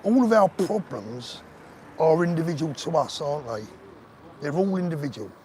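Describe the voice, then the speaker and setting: An older man talks straight to his viewers on a live stream, earnest and emotional, his voice sitting a little high for a man. Faint street noise and passing traffic hum behind him outdoors. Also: lively intonation, normal speed, a little mellow. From England. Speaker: livestream host. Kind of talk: live-stream chat reading viewer comments.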